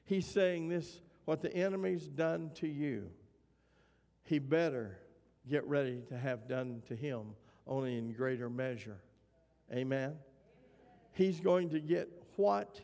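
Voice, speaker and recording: High gravelly preacher in a reverberant hall. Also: male voice, a little mellow. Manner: preaching to a congregation, reading scripture aloud and asking for responses. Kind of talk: sermon.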